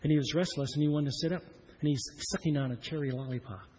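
A pastor from Iowa preaching a personal story in an earnest, repetitive style that grows louder at its points. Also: male voice, a little high, fast, breathy edge. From Iowa, USA.

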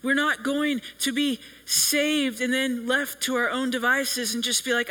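A man preaching a sermon in an earnest, measured way, with long pauses between phrases. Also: very high voice, steady tone, bright, forceful tone, rough recording.

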